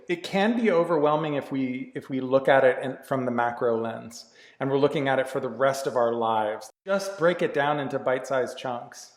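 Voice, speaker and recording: A man's voice: medium pitch, moderate pace. A man coaching in a candid, earnest way, casually dropping swear words and circling back on his phrases. His mid-range voice rings through a room with a long, lingering reverb. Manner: candid and earnest, swears freely, many restarts. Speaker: life coach. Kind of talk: casual motivational talk.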